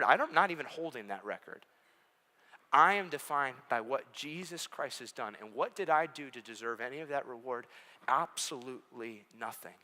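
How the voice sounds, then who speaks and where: Bright-voiced pastor in an echoey church. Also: male voice, mid-range voice, animated, moderate pace. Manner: earnest, building to emphatic repeated questions. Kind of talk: sermon. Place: large church auditorium.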